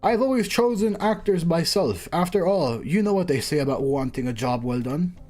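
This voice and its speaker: A man voicing a smooth, theatrical male director in a game story. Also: on the high side, animated, moderate pace, darkish tone. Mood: grandiose.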